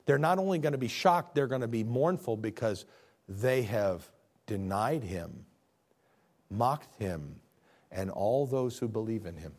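A man preaching a sermon in a folksy, conversational way, swinging from loud exclamations to hushed tones. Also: lowish voice, lively intonation, measured pace. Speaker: pastor.

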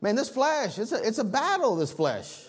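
A man preaching a sermon as pastor, telling a story in an animated way while the congregation answers back. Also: very high-pitched, moderate pace, husky.

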